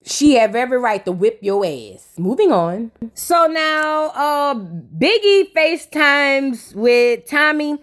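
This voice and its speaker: A woman with a high-pitched voice runs through a reality show episode in a loose, chatty recap. Her telling is blunt and gossipy, full of slang and cursing. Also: very animated, takes it slowly. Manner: blunt, profane, gossipy retelling with slangy asides. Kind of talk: casual recap commentary.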